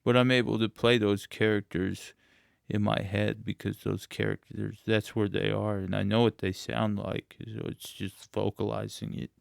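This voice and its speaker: Deadpan gravelly man. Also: on the low side, normal speed, no echo, studio quality. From Indianapolis, USA. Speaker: playwright guest. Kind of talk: interview.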